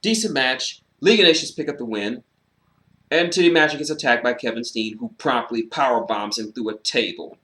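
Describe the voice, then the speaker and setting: Speaking fairly quickly in a mid-range voice, a man offers a solo wrestling show review that's casual and animated. Expect plenty of sarcasm, free swearing, and frequent fillers.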